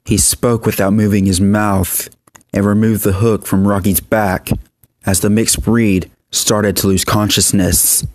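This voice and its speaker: A man narrating a horror story in a steady, even scripted reading. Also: on the low side, measured pace, dry recording.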